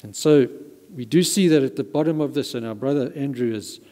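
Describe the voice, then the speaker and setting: A man's voice: medium pitch, fairly quick, dark tone. A man preaching a sermon as pastor, emphatic and given to repeating words for stress. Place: church hall. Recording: reverberant church hall.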